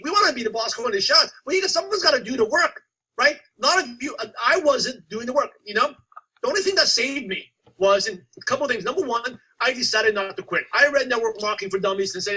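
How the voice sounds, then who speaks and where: A man giving a motivational coaching talk to a sales team, telling stories and acting out his past self with animated energy. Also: very high voice, husky, rough recording. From United States. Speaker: network marketing coach.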